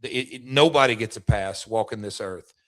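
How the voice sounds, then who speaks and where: A man's voice: on the low side, fairly quick. A middle-aged man, hosting a chat show and telling stories in a rambling way, full of restarts and stammers. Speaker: podcast host, former wrestler. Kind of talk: casual storytelling chat.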